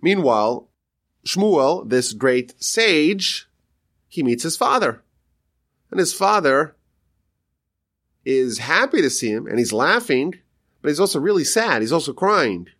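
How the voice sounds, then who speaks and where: A man, a rabbi, teaching a Talmud story with animated storytelling and quoted voices. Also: a little high, slow pace, long pauses.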